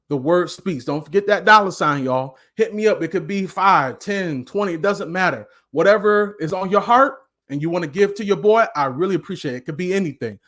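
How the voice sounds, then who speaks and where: A man giving a passionate live motivational talk as a life coach, with a preaching cadence that at times turns loud. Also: sits high.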